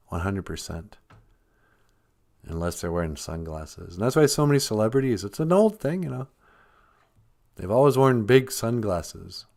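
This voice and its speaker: A man hosting a live stream, rambling casually, joking and laughing often. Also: on the low side. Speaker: host.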